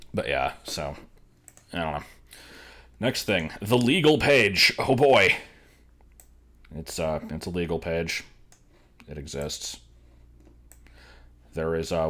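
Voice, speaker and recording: A man's voice: low voice, animated, slow, pauses often, fairly bright tone. A man streaming, giving dry, offhand, rambling commentary. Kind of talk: casual live-stream commentary.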